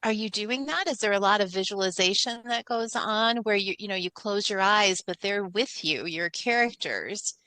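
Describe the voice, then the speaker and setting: Eager bright-voiced woman co-host. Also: medium pitch, normal speed, few pauses, clear, resonant tone, no echo, poor audio. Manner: eager, piles up several questions at once. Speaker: podcast co-host. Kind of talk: casual interview chat.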